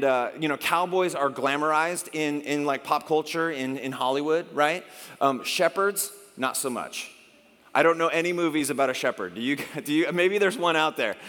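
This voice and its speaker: A middle-aged man preaching a sermon in a chatty, animated way, often acting out little exchanges. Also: a little high. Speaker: pastor. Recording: long hall reverb.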